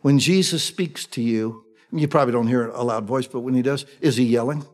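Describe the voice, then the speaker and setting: A man's voice: mid-range voice, a little fast. A man preaching a sermon with fervor, throwing rhetorical questions to his listeners. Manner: fervent, rhetorical questions to the congregation.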